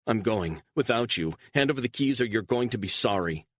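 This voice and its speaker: A man voicing a frightened, volatile woman on the run, pushing his deep voice high into a shrill, pleading tone. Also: expressive, brisk, no echo. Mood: furious.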